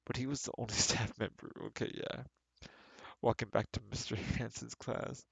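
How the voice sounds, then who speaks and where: A man's voice: mid-range voice, level tone, moderate pace, gravelly, slightly rough, no room sound. A man reading a book aloud on stream and breaking off with sarcastic, exasperated commentary.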